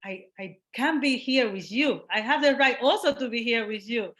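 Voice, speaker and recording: A woman from Cuba with a Cuban Spanish accent, a guest in a casual interview conversation who is animated, laughs often and acts out the voices she quotes. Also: fairly high pitch, moderate pace. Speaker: guest artist.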